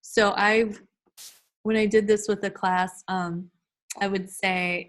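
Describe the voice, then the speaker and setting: A middle-aged woman presents a teacher training class through a computer mic. Her delivery is animated and teacherly, swinging into a sing-song classroom voice when she demonstrates routines. Her pitch sits in a middle range. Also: slow pace, pauses often. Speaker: early childhood behavior trainer. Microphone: computer mic on a video call.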